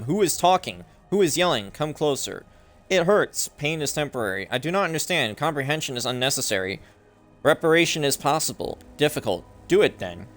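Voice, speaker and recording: A young gaming channel host reads game text aloud slowly in a slightly high, fairly bright voice. He stumbles and corrects himself, now and then swearing when he gets confused.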